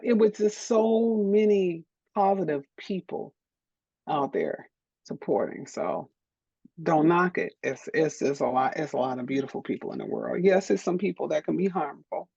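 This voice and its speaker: Gravelly middle-aged woman, frank and encouraging. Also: deep voice, animated, a little slow, dark tone, dry recording, lo-fi sound. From Detroit, USA. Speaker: DJ and producer, interview guest. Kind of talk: candid interview answers.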